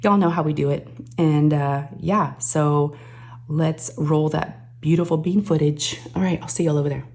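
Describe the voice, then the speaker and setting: Woman, lowish voice, crafting vlog host, animated storytelling, high-pitched quoted voices. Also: moderate pace. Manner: says "oh my gosh" and "y'all" often. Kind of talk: casual chatty storytelling.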